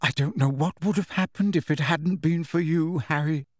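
A man reading aloud, voicing a tired, grateful middle-aged mother who speaks weakly and softly. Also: on the high side, sing-song, moderate pace, dry recording, studio quality. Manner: weak, tired and soft-spoken.

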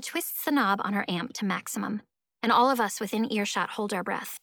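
A woman narrating a children's fantasy audiobook in the first person, lively and expressive. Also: mid-range voice, normal speed, gravelly, no room sound, clean studio sound.

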